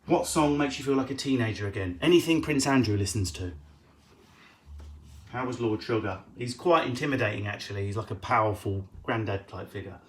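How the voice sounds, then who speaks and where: A male stand-up comic fields viewer questions on a laid-back live stream, his fairly low voice quick and profane as he riffs for laughs.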